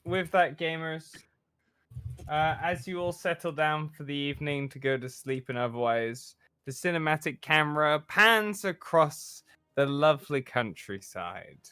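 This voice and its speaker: Bright-voiced man narrating a tabletop game. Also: fairly high pitch, unhurried, smooth, dry recording. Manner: laughing, dramatic cinematic narration. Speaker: dungeon master.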